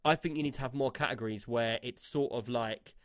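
A man's voice: medium pitch, fairly quick, no echo, clean studio sound. A man co-hosting a casual gaming podcast, talking in a rambling way with many fillers and restarts. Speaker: podcast co-host.

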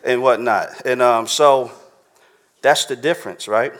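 A man's voice: medium pitch, unhurried, fairly bright tone. A man preaching a sermon to a live congregation in a casual, slangy, conversational way, often checking in with his listeners.

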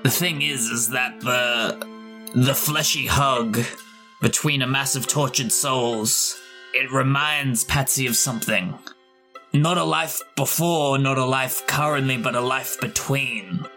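A man's voice: medium pitch, steady tone, slow pace. A man playing a tabletop game, reflectively narrating his character's inner thoughts. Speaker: player. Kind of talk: tabletop role-play. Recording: music clearly under the voice.

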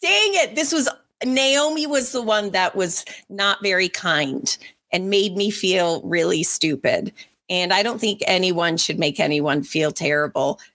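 A woman co-hosting a casual podcast, telling stories about meeting celebrities in an animated, chatty way. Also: fairly low pitch, unhurried. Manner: chatty and animated, acts out voices in her stories. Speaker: podcast co-host and former radio interviewer. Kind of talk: casual storytelling chat.

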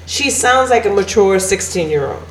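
A chatty woman co-host thinks aloud in a casual discussion. Her voice sits at a middle pitch, and the room gives it a roomy echo. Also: lively intonation, moderate pace.

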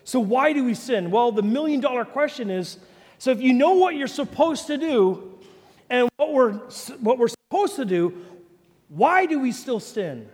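A man preaching a sermon as pastor, animated, swinging from loud peaks to low quiet asides. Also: measured pace. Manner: animated preaching, rising to shouts then dropping low. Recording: long reverb of a large hall.

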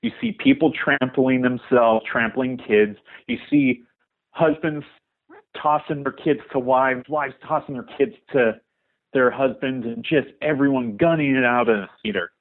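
A young man leaving a voicemail for a podcast, telling a story in an animated way. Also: medium pitch, unhurried. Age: young adult. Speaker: caller. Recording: tinny phone line.

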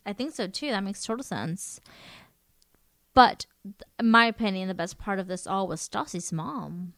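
A young woman co-hosting a casual podcast chat, giggly and reactive with quick asides. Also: medium pitch, a bit bright, no echo. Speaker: podcast co-host.

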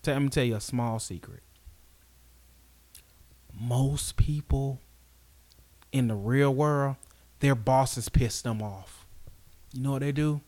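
A man's voice: medium pitch, slow pace, long pauses, darkish tone. A man co-hosting a podcast, giving blunt, scolding rants in casual sports chat. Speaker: podcast co-host.

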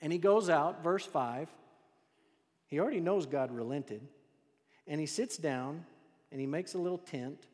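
A male pastor gives a casual, story-driven sermon, posing questions to his listeners. His mid-range voice rings out with a long reverb tail in a large church hall. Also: medium pitch. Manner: conversational, lively storytelling with rhetorical questions.

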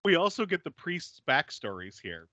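A man chats through a movie recap with a bright, forceful voice that leaps up and down in pitch. He laughs often and slips into silly voices. The sound is dry and close. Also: normal speed, dry recording, lo-fi sound. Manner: animated storytelling, doing silly voices for characters, laughing often. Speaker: podcast co-host recapping a film. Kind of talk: casual chat.

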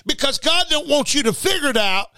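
High, bright-voiced preacher man. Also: fairly quick, no room sound. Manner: animated, repeats words, bursts into shouting. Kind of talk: informal broadcast sermon.

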